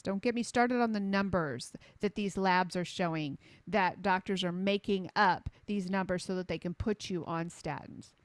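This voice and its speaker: A woman's voice: medium pitch, no echo. Emphatic middle-aged woman, dry sound. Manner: emphatic, repeats phrases for punch; animated storyteller acting out quotes. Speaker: health coach. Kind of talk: impassioned conversational advocacy.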